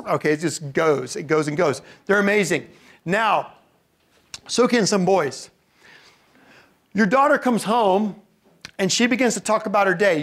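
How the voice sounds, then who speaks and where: A man leads a parenting seminar in a loose, conversational way. He keeps asking the room questions and checking that they follow. His voice sits a little above the usual male pitch. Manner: conversational, often checks in with "okay?" and asks the audience questions. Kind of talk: live talk to an audience.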